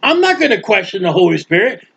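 A man teaching a Bible study sermon in a lively, animated way, playing out the voices of people in the story. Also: high voice, quick pace, husky. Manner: animated, acts out bystanders' mocking voices. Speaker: preacher. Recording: dull lo-fi recording.

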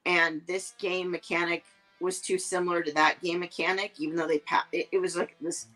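A woman with a fairly low voice chats casually on a podcast, rambling through her story with plenty of fillers and restarts. Faint music plays behind her. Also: flat delivery, brisk, a bit bright, poor audio. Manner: rambling, filler-heavy, lots of "like" and "um". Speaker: podcast co-host. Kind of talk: casual chat.

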